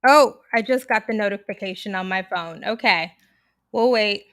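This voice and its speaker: A woman's voice: medium pitch, moderate pace, no room sound. Woman, young adult, live stream chat, projecting stage voice, dry close sound. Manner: loud, projecting theater voice, lively and chatty.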